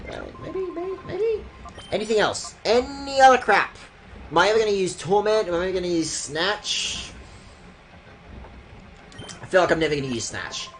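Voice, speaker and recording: Young woman, game streamer, sarcastic, swears a lot, lowish lively voice, faint music behind. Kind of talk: casual game commentary.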